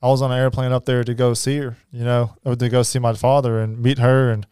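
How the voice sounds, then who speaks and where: A man telling his life story as a podcast guest, halting, with many fillers and restarts. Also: medium pitch, little pitch movement, darkish tone, smooth, dry recording, studio quality. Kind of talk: personal storytelling.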